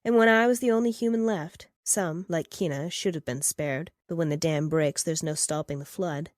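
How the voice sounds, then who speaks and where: Woman reading a story aloud, low steady voice, dry close sound. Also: moderate pace, no echo. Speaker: narrator. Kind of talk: first-person audiobook fiction reading.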